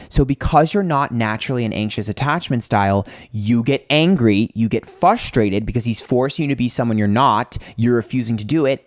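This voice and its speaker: A man's voice: medium pitch, no echo, studio quality. A man hosting a casual livestream, telling a long personal story in a chatty way, swearing freely and greeting viewers. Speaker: livestream host.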